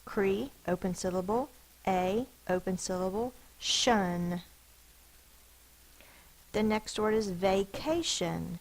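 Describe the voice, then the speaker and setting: Female elementary teacher, deliberate phonics delivery, slightly gravelly voice. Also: medium pitch, animated, low-quality recording. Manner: slow, deliberate, sounds out each letter and syllable. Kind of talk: phonics lesson, sounding out words.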